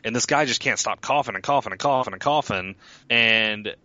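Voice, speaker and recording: A man's voice: mid-range voice, fairly quick, pushed and bright, no room sound, highs cut off. A man casually recapping a TV episode as a podcast co-host, rambling with lots of fillers and restarts. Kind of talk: casual chat.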